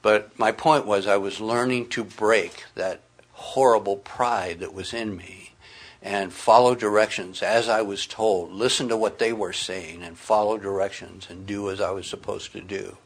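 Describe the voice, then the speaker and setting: A man's voice: on the low side, fairly even intonation, unhurried. A middle-aged man preaching a sermon, reading scripture aloud and speaking with earnest emphasis.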